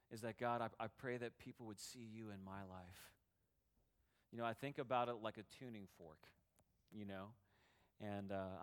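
A pastor preaching a sermon, earnest and personal, often repeating and restarting phrases, then building into a fervent prayer. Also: male voice, lowish voice, clean tone, in a large hall. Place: church sanctuary.

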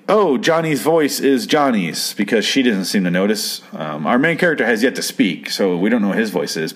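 A man in his thirties casually recapping a TV episode, rambling and crude, acting out the characters' lines. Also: lowish voice. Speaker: show recapper.

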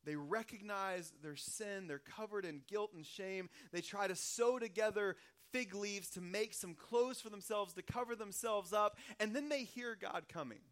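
Male pastor, fairly high voice; preaches like he is chatting, humorous and anecdotal. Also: moderate pace, few pauses, a bit bright. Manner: conversational, humorous storytelling. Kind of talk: sermon.

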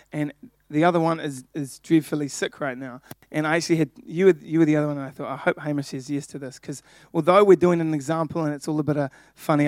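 A young man delivers a sermon in a playful, jokey way, turning to speak straight to his listeners. His voice sits noticeably high. The sound is close and dry. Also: a little mellow, no echo. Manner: playful, jokey, addressing the congregation. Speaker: preacher.

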